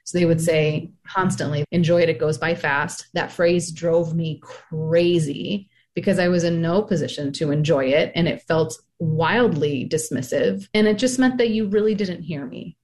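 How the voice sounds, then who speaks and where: A woman in her thirties, a podcast guest speaking frankly about motherhood, animated when she quotes other people. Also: low-pitched, normal speed, few pauses. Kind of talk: candid personal storytelling.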